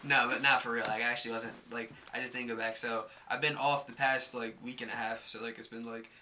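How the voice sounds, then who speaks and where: A man's voice: mid-range voice, flat delivery, quick pace, bright, forceful tone, a little hiss or hum. A man co-hosting a podcast in casual chat, laid-back and laughing easily. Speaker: podcast co-host.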